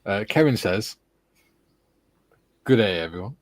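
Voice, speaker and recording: A man's voice: on the low side, animated, measured pace, no room sound. A man hosting a casual live stream, reading out chat messages with laughs and the odd swear word.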